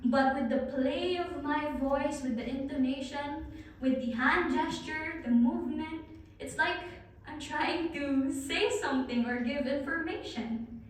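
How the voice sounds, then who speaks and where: A woman's voice: high voice, measured pace. A woman giving a guest talk on presentation skills, coaching the audience and speaking straight to them in a large hall. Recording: very echoey hall, far from the mic.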